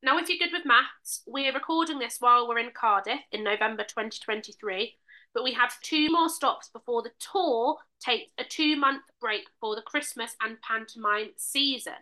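Woman podcast host, teasing and quick to laugh, slightly high, very bright voice. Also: poor audio. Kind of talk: casual podcast chat.

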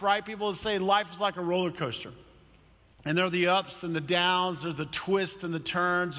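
A male pastor preaching a sermon in church, telling a story with lively energy and acting out quoted voices. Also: high-pitched, big-room sound.

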